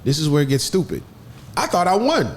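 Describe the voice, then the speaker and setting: A man telling a story in an animated way, with lively jumps in pitch as he acts out other people's voices. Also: a little fast, a little hiss or hum. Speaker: podcast guest.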